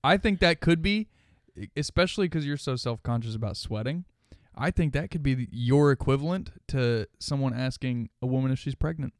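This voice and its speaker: A man co-hosting a podcast in casual chat, reacting with quick, teasing remarks. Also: mid-range voice, no room sound, clean studio sound. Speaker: podcast co-host.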